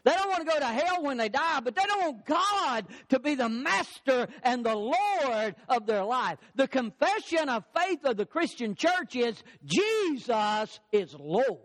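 Older male pastor, very high voice, emphatic preaching cadence. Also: sing-song, unhurried, hardly any pauses, a bit bright. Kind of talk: sermon.

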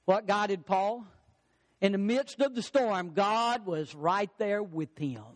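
Pastor, male, very high voice, emphatic preaching, slows down on key lines. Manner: preaching with rising, emphatic repetitions; slows and stretches key phrases. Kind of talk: sermon.

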